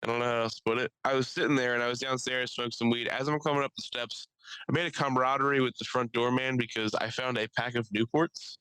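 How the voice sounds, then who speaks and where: Bright-voiced rambling man telling stories. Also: mid-range voice, smooth, dry recording, poor audio. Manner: rambling, profane, laughs often. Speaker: podcast co-host. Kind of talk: casual storytelling chat.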